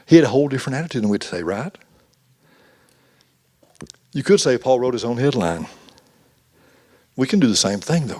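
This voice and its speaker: A man's voice: mid-range voice, a little mellow. A man giving a folksy, conversational youth sermon, acting out quotes as he goes. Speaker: youth pastor.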